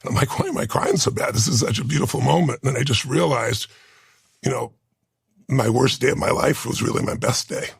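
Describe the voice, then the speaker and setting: Man, 60s, interview guest; raspy, gravelly, heartfelt personal storyteller. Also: mid-range voice, fairly even intonation, a little fast, dry recording, studio quality. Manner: emotional, earnest, tells a personal story.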